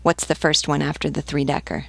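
A woman's voice: low-pitched, level tone, fairly quick, creaky, dry recording. A woman reading the lines of a terse male naval captain preparing for battle, in clipped questions.

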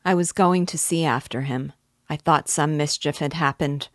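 A woman reading aloud and voicing a proud, anxious young gentleman who speaks hastily and bitterly. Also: low-pitched, normal speed, dry recording, studio quality, close to an everyday voice. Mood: agitated. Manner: hasty, bitter.

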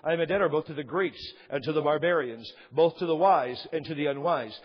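A man preaching a sermon as pastor, impassioned and rising in emphasis, with a voice that is wearing out and husky. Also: on the high side, brisk, in a large hall, lo-fi sound. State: losing his voice. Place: church sanctuary.

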